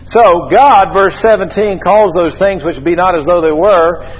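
A man preaching a sermon to a congregation, lively and joking, calling out for amens. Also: sits high, a little slow, husky. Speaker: pastor. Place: church hall. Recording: echoey, slightly dull church hall recording.

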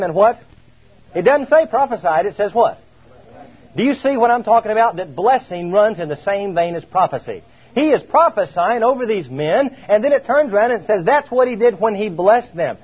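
A man delivers a sermon in a husky, fairly high voice, leaning hard on his words and stretching them out. He keeps asking his listeners rhetorical questions. The recording is dull and lo-fi. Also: sing-song. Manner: emphatic, drawn-out, rhetorical questions. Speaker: preacher.

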